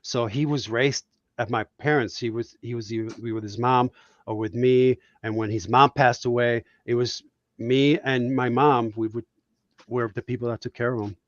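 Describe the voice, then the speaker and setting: A man's voice: mid-range voice, fairly even intonation, normal speed, no room sound, dull audio. A man from Puerto Rico, a guest cartoonist, telling reflective, heartfelt stories in a casual podcast chat.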